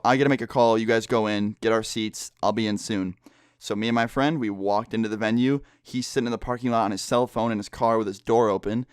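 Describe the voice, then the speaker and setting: Holding his voice quiet because others are in the next room, a young vlogger narrates a story indoors in a casual, profane way, packed with filler words. He has a mid-range voice, and the sound is clean studio audio with no room sound.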